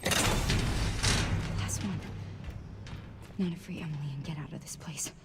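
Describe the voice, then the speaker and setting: An actress playing a frightened young woman survivor in a horror video game, talking in a hushed, tense whisper. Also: low-pitched, takes it slowly, vocal fry, full character voice. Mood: determined. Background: loud game music.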